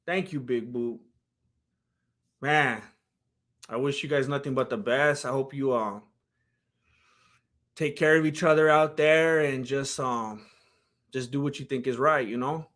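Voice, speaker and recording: Male streamer, slightly high, bright tone, talks straight to chat. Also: lively intonation, unhurried, pauses often. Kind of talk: casual live-stream chat.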